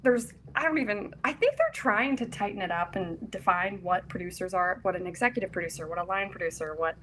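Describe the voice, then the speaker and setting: A woman's voice: mid-range voice, brisk, fairly bright tone, slight background noise. A young woman from Kentucky, an actress and casting director, talking in a chatty, upbeat, giggly way as a podcast guest. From Louisville, Kentucky. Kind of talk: casual interview.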